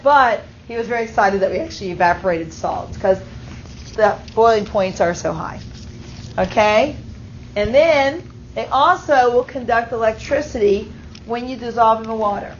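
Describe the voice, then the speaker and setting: A woman's voice: on the high side, moderate pace, slight background noise. Woman teacher lecturing a chemistry class. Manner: explains step by step, checks in with "okay?". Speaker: high school chemistry teacher. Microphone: auto-tracking camera mic. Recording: slightly muffled classroom recording.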